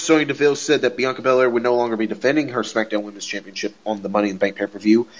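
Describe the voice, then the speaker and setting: A man hosting a podcast, recapping a wrestling show in a casual, excitable way, laughing often and repeating himself. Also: medium pitch, lo-fi sound. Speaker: podcast host.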